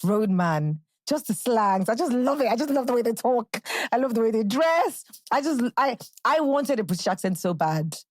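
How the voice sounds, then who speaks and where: A woman's voice: a little high, lively intonation, normal speed, few pauses, no echo. Chatty Nigerian woman podcast host. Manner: chatty, bubbly, jumps into playful quotes and impressions. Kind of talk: casual solo podcast chat.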